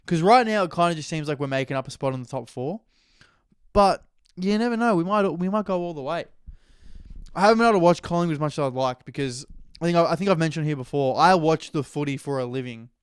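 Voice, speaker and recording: A man's voice: fairly high pitch, animated, quick pace, smooth, dry recording, studio quality. A man with an Australian accent hosting a solo podcast in rambling, crude, jokey casual chat. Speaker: podcast host.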